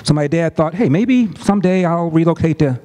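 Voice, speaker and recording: Middle-aged guy telling a story, mellow low-key tone, earnest, repeats stuff for emphasis. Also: brisk. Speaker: commentator. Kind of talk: storytelling speech.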